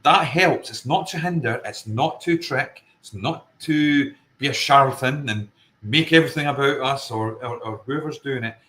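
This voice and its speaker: A man's voice: medium pitch, moderate pace, sharp tone, poor audio. Earnest Scottish man from Fife. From Scotland. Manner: earnest, emphatic, circles back to his point. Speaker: paranormal investigator guest. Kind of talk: casual interview chat.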